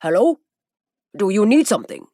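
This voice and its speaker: A woman's voice: mid-range voice, very animated, normal speed, dark tone, no echo, clean studio sound. A woman voicing a concerned man with a heavy accent calling out questions on a phone call, in an audiobook.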